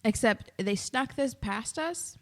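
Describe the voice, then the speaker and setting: Excitable giggly woman podcaster. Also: fairly high pitch, takes it slowly. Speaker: podcast co-host. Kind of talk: casual chat.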